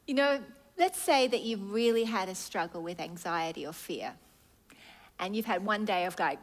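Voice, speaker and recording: A woman pastor preaching a sermon, acting out prayers and God's replies as little dialogues, dropping to a hush and then rising loud. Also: mid-range voice, moderate pace.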